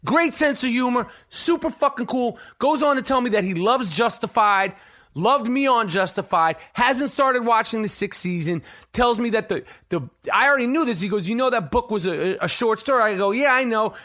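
A man hosting a podcast, telling a rambling, profane, excited story full of restarts. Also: very high-pitched, moderate pace. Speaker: podcast host. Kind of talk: casual storytelling monologue.

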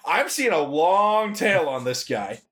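A man co-hosting a casual comedy podcast, animated and laughing often. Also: a little high, slow. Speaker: podcast co-host.

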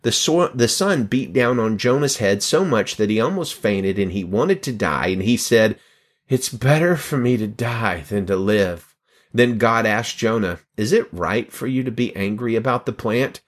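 A man's voice: fairly low pitch, animated, normal speed, few pauses. A man hosting a Bible reading podcast, teaching and telling the story in an earnest, encouraging way. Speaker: podcast host.

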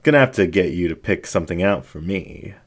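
Brief: male narrator as a cocky dingo, deep, teasing, relaxed. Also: brisk. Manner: easygoing, teasing. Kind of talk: audiobook story reading.

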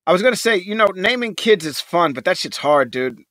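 A man in his forties co-hosts a casual podcast chat, his voice bright and a touch high for a man. He talks animatedly and swears freely, stacking repeated words when worked up. The sound is close and dry. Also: lively intonation, a little fast, no echo. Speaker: podcast co-host.

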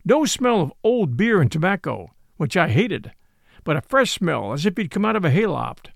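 Gravelly, lively-voiced male narrator. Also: sits high, normal speed, dry recording, studio quality. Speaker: audiobook narrator. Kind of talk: scripted narration of a classic novel.

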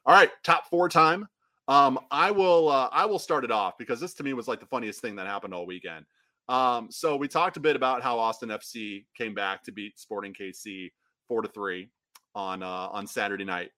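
A man co-hosting a soccer podcast, rambling in a casual chat with frequent restarts and quick laughs. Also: mid-range voice, sharp tone, dry recording. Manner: rambling, restarts often, laughs between phrases. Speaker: podcast co-host.

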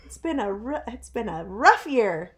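A woman's voice: a little high, sing-song, a little slow. A woman co-hosting a casual podcast, laughing often and chiming in agreeably. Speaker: podcast co-host. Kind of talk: casual chat.

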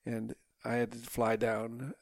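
A man's voice: medium pitch, monotone, takes it slowly, gravelly, no echo. A man in his seventies from Minnesota, a guest in a casual interview with his son, telling stories with dry, teasing humor. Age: 70s. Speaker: guest, the host's father.

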